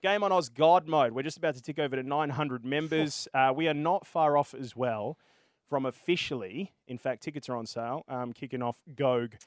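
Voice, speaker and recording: An Australian man hosting a casual gaming podcast, out of breath and energetic. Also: mid-range voice, normal speed, no room sound, studio quality. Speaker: podcast host.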